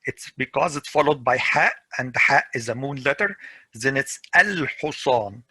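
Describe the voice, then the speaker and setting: A man teaching a weekend school class, drilling word pronunciation slowly and repeating each word to his students. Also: medium pitch, sharp tone, husky, dry recording, poor audio. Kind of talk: classroom grammar lesson.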